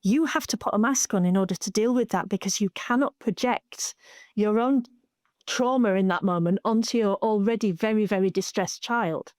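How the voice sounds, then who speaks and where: A woman who is an author and a parent, speaking earnestly and in a measured way as a podcast guest. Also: medium pitch, a little mellow, dry recording, clean studio sound. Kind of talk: conversational podcast interview.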